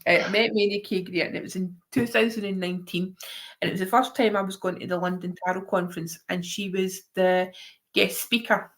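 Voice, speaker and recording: A woman's voice: lowish voice, fairly even intonation, fairly quick. A Scottish woman telling a funny story in casual chat, swearing, laughing often and acting out the other voices. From Scotland.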